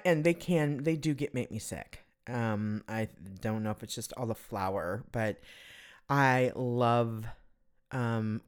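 Her extremely low voice is clear with a resonant tone. Hosting her own podcast solo, she chats casually in a rambling, self-deprecating, giggly manner.

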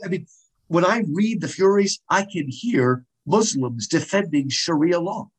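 Speaking in a high, husky voice at a slightly slow pace, this American guest lecturer chats about Greek drama with animation, wandering off topic and restarting many times. The audio quality is poor.

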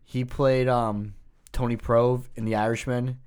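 A man's voice: medium pitch, flat delivery, measured pace, a little mellow, smooth. A man in a casual brainstorming chat, laid-back and mostly answering with short replies.

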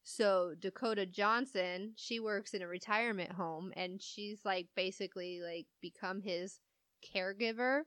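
A woman's voice: mid-range voice, fairly even intonation, measured pace, a bit bright, clean tone, dry recording. A woman co-hosting a casual movie-review chat, retelling plots in a giggly, rambling way full of "like". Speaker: podcast co-host.

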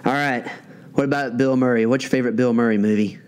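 A man's voice: medium pitch, quick pace, smooth. Chatty male podcast host. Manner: chatty, lively storyteller. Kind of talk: casual interview chat.

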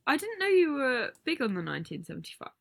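A woman's voice: sits high, big pitch swings, fast, creaky. A woman co-hosting a podcast in casual chat, giggly and chatty, often trailing off mid-thought. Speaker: podcast co-host.

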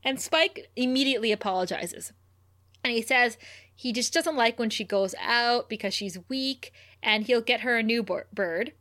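A woman's voice: normal speed, fairly bright tone. A young woman co-hosting a casual recap podcast, laughing often and acting out quotes. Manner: laughs often, acts out quotes with raised pitch. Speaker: podcast co-host.

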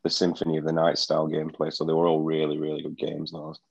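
A man's voice: very deep voice, monotone, fast, creaky, no echo. A man co-hosting a gaming podcast from home, rambling with plenty of fillers and restarts. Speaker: podcast co-host. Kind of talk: casual gaming podcast chat. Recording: dull, slightly lo-fi sound.

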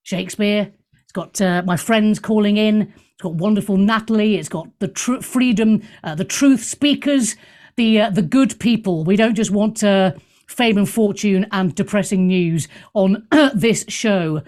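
A woman's voice: medium pitch, unhurried, darkish tone. A middle-aged British woman hosting a live radio talk show, chatty and self-deprecating, with light swearing and exclamations. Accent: British English.

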